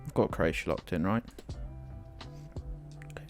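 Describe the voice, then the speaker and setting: A man's voice: sits low, unhurried, faint music behind. A man streaming a guessing game, rambling and self-deprecating, with plenty of swearing. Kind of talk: live-stream commentary.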